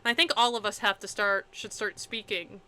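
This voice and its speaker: A woman's voice: mid-range voice, fairly even intonation, fairly quick, sharp tone. A woman co-hosting a film podcast in casual, playful chat, laughing often. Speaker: podcast co-host.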